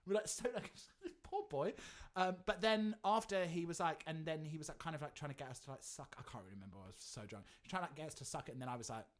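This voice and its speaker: A woman co-hosting a podcast, telling an animated story in casual chat, swearing freely and saying like a lot. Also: low voice, quick pace. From England. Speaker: podcast co-host.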